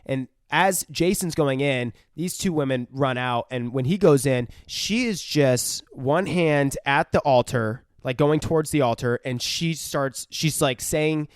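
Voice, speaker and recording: A man's voice: mid-range voice, measured pace, few pauses, smooth, no room sound, clean studio sound. A man co-hosting a podcast, casually recapping a film in a profane, rambling way. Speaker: podcast co-host. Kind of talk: casual film review chat.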